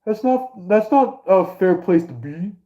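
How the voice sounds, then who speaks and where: A man putting on a high, fake-sounding voice to play a bossy busybody who warns people away. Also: animated, measured pace, mellow. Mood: scolding.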